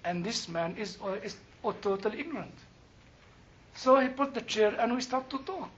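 Older guy teaching bible class, high voice, animated, kinda muffled recording with faint hiss. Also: moderate pace. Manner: animated, laughing, rising to emphatic bursts. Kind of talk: classroom storytelling and Q&A.

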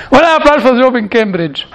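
A man's voice: very high-pitched, fairly bright tone. A man with a non-native English accent telling humorous stories to an audience, chuckling often and repeating words. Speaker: speaker addressing an audience. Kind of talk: humorous storytelling talk. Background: audience laughter.

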